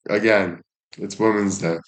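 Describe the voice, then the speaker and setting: A man's voice: lowish voice, steady tone, a little slow. A young man chatting casually on a live stream, thanking viewers and joking crudely with plenty of swearing. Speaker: livestreamer.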